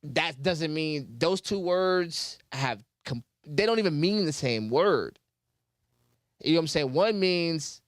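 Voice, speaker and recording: A man's voice: a little high, expressive, no room sound, studio quality. A man, chatting casually and restarting his words often. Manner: halting, repeats words while explaining. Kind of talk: casual chat.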